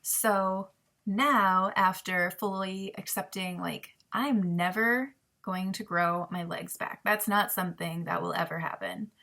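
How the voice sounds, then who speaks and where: A woman's voice: mid-range voice, unhurried, vocal fry, bright, forceful tone. A young woman vlogging personal advice in a candid, emotional way, often laughing and saying "um" between thoughts. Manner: candid and emotional, laughing through tears, frequent ums.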